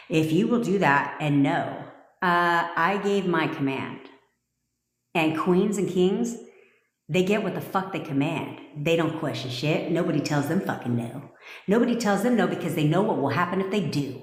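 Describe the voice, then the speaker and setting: A woman coaching on a livestream, talking bluntly and swearing freely as she gives commands. Her voice sits a little low. The room is echoey, with a long reverb tail behind her words. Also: lively intonation, moderate pace. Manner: blunt, profane and commanding, with rising intensity. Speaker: manifestation coach. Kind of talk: livestream talk to viewers.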